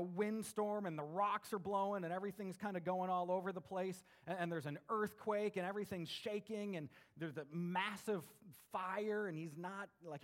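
A young adult man preaching a conversational sermon and reading scripture, animated, with big swings between loud and quiet. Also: high-pitched. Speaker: pastor.

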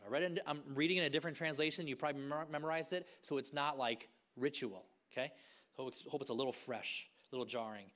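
A man's voice: mid-range voice, fast talker, a bit bright. A middle-aged man preaching a sermon in a conversational way, acting out bits of dialogue and often restarting phrases. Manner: conversational, acts out voices, many restarts. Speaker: pastor.

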